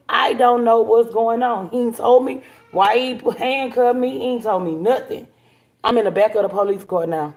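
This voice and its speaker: A woman's voice: mid-range voice, moderate pace. Blunt woman telling a story. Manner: animated, blunt, swears freely. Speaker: livestream host. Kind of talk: casual storytelling to viewers.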